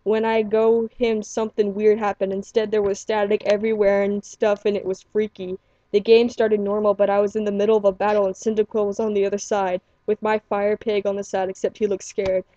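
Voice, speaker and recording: A woman's voice: medium pitch, flat delivery, fairly quick, mellow, no echo. Rambling woman telling a scary story. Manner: rambling, run-on sentences. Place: living room at home. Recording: dull lo-fi home recording.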